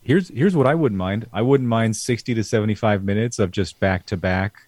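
A man with a very deep voice chats casually as a podcast co-host, dropping wry jokes. His sound is dry and close. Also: a little fast, darkish tone, dry recording. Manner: joking, wry. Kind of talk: casual chat.

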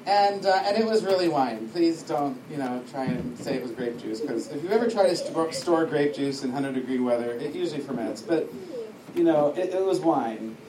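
With an animated, high-leaning voice at normal speed, the same kind of teacher chats informally to his discipleship school class, straying into side stories and laughing frequently. Crowd noise can be heard. The mic is distant in an echoey room, and faint noise sits underneath.

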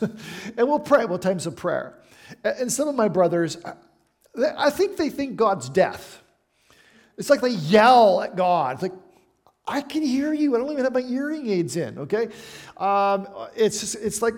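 Middle-aged guy pastor preaching, kinda high voice, bouncy and conversational, lots of "okay? right?". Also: normal speed. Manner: animated, conversational preaching with asides to the congregation. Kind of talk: sermon.

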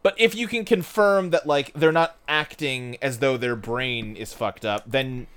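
A man's voice: mid-range voice, measured pace, fairly bright tone, clean tone. A man co-hosting a podcast, chatting casually in an emphatic, joking way. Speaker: podcast co-host. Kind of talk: casual chat.

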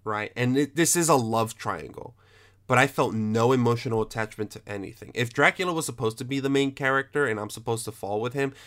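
A man hosts a casual film chat at a middle pitch. He talks in an animated, emphatic way and swears freely, with plenty of restarts. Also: brisk.

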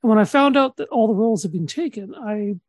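A man from Saskatchewan co-hosting a comedy podcast, deadpan and halting with many restarts. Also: sits high. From Saskatchewan, Canada. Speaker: podcast co-host.

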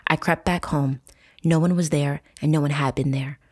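Low-voiced woman reading true crime. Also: fairly even intonation, normal speed, breathy edge. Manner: profane, reads excerpts with dramatic shouting. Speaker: podcast host. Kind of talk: true crime narration, reading book excerpts aloud.

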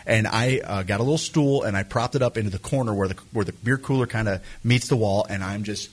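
A young man telling a rambling, animated story full of fillers on a talk show. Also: on the low side, fast, slightly rough. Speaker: guest storyteller.

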